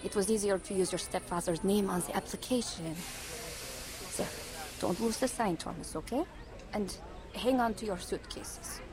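An actress playing a worried mother who must send her young son away, speaking in a hushed, anxious way. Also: medium pitch, moderate pace, crowd noise, natural voice. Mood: tender. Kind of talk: radio drama acting.

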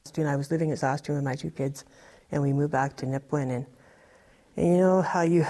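In a deep, mellow voice, a woman recounts her own testimony, speaking earnestly but wandering a lot. Fillers such as "like" and "you know" crop up constantly.

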